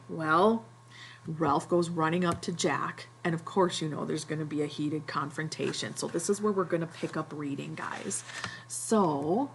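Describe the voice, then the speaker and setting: A woman teacher recapping for her students in a loose, conversational way, peppering her talk with "like" and "right?". Her voice sits on the low side. A faint hum runs in the background. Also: creaky. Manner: chatty, full of "like" and "right?". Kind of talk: casual lesson recap for students.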